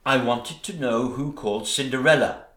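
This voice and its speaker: A man playing a plain-spoken young servant in a pantomime stage comedy, answering in deliberate, matter-of-fact replies. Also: mid-range voice, a bit bright, close to an everyday voice. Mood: dry. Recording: echoey stage recording.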